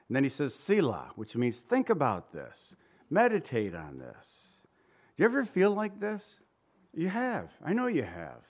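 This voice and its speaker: A fairly high-voiced man preaches to his congregation. Between readings of scripture in archaic English, he asks them conversational questions.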